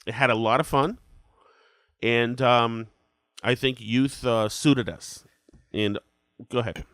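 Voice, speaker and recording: This man, in his forties, hosts a casual podcast sounding congested from a head cold, wandering off on tangents and making fun of himself. He speaks slowly at a medium pitch with a fairly bright tone, in a dry recording.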